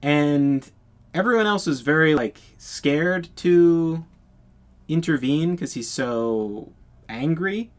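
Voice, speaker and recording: Young adult male storyteller, slightly high voice, blunt and profane, incredulous casual monologue. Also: lively intonation, slow pace.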